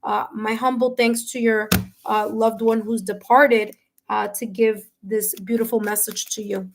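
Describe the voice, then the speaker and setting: A woman reading tarot live for her viewers, talking warmly and emotionally, with many fillers and restarts. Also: fairly high pitch, level tone, unhurried, slight background noise. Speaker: tarot reader and medium. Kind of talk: live-stream reading, casual chat with viewers.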